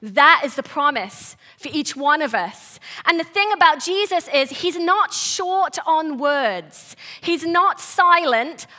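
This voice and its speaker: Bright, high-voiced woman preaching earnestly. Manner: earnest, emphatic, conversational. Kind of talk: sermon. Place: church service.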